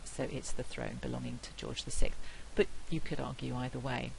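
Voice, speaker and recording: A British woman with a non-rhotic accent giving a university phonetics lecture, saying example phrases slowly and clearly. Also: rumbling low, very animated, low-quality recording. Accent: non-rhotic British English. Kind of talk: academic lecture. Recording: faint hiss.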